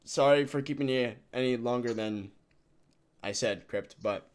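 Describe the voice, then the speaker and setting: A man's voice: mid-range voice, unhurried, clean tone. A young man hosting a voice chat, talking casually with frequent laughs and loose restarts.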